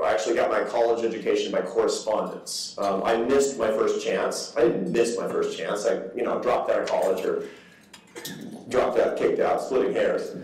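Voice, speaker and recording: A man in his fifties giving a public lecture, telling stories with lively asides and mock voices. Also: on the low side. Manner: animated storytelling with asides. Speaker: guest speaker. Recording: echoey hall from far off.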